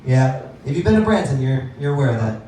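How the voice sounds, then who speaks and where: A man's voice: medium pitch, sing-song, quick pace, mellow, heavy reverb, recorded from a distance, slight background noise, low-quality recording. A man doing a stand-up comedy set in a club, self-deprecating and laughing at his own jokes.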